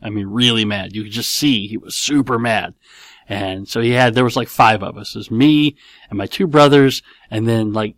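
Answering listener questions on a laid-back podcast he hosts from home while his kids are nearby, this middle-aged man rambles playfully and keeps correcting himself mid-sentence. His medium-pitched voice is a bit bright, captured as clean studio sound with no room sound.

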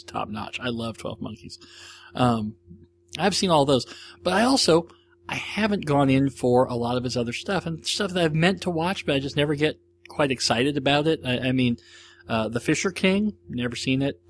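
A man's voice: mid-range voice, lively intonation, normal speed, a little hiss or hum. An American man hosting a podcast, talking through movie reviews in a rambling, enthusiastic, casual solo monologue. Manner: rambling, enthusiastic, chatty with many restarts. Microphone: audio-only recording, no video.

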